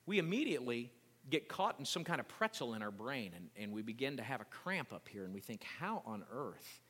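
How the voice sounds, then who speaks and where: A man's voice: medium pitch, long reverb tail. A male pastor preaching a sermon, explaining scripture and reading it aloud with growing intensity. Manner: builds from calm teaching to loud impassioned preaching.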